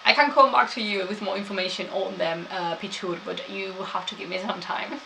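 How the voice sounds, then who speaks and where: A woman's voice: medium pitch, steady tone, fairly quick, creaky, background noise. A woman gives a chatty live-streamed history talk, laughing often and answering chat.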